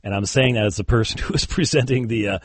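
A man appears as a guest in a conversational interview, a Christian debater telling a story casually, full of fillers and chuckled asides. His voice is husky and medium-pitched, he talks quickly, and there's no echo.

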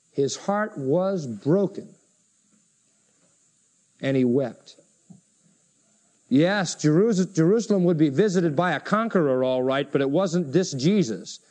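A male preacher giving a sermon, reading scripture dramatically and acting out the voices of the people he quotes. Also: dark tone. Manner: acts out quoted voices with big pitch swings.

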